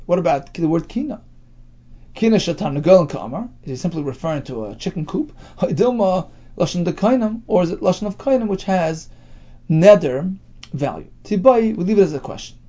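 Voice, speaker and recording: A man leads a daily Talmud lesson, reading phrases from the text and explaining them in plain English. His voice is high and mellow with a gravelly edge, and his pitch moves a lot. The recording sounds dull and lo-fi. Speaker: Talmud teacher.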